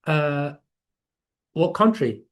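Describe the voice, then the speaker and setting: A man's voice: a little high, expressive, drawn-out words. A man with an English accent hosting a live Q&A, explaining in a casual, rambling way with many restarts. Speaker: host of a live Q&A.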